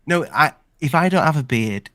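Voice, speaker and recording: A man's voice: a little high, expressive, normal speed, a bit bright, no echo. A man hosting a casual live discussion, chatting in a rambling way with many restarts. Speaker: channel host.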